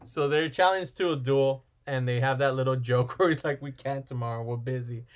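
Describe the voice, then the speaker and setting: Casual podcast co-host, male, mid-pitched, rambling recapper who slips into character lines. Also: moderate pace. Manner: rambling storyteller, acts out film lines. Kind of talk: casual movie recap chat.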